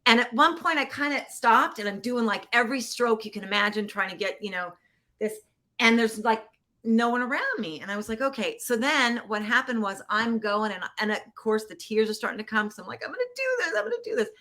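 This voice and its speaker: A woman guest on a podcast telling a personal story in a casual, animated way, acting out quoted voices and getting teary. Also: a little high, fairly quick. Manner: animated, acts out quoted voices, laughs often. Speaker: podcast guest, producer and actor. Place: Los Angeles.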